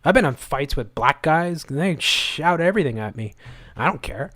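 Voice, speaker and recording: A man's voice: on the high side, expressive, moderate pace, noisy background. A man hosting a live stream, ranting in angry, sarcastic, repetitive bursts of commentary. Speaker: livestream host.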